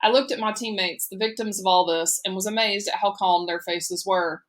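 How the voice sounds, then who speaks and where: Female audiobook narrator, measured storytelling delivery, mid pitch. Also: steady tone.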